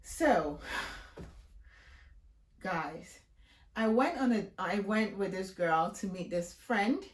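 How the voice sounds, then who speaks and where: A woman vlogger telling a story in a casual, animated way, her voice jumping high when she is outraged. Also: extremely slow, echoey room.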